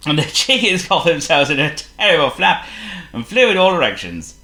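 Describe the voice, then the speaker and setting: A man reading a children's story aloud in an expressive, playful way. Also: on the high side, moderate pace, echoey room. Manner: expressive and playful, laughs as he reads.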